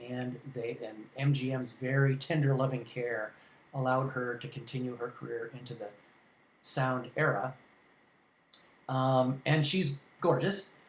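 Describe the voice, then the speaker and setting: Guy giving a chatty film history lecture, lots of ums, roomy echo, faint hum behind. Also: medium pitch. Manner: rambling and conversational, with many ums and restarts. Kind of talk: informal classroom lecture. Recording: echoey room.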